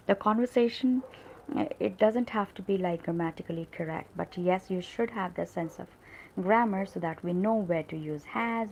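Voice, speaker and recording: A woman with a lowish, gravelly voice teaching English grammar in a live stream. She explains patiently and often checks in with "right?". She stresses the example sentences she acts out, and there is faint noise in the background. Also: a little mellow, low-quality recording.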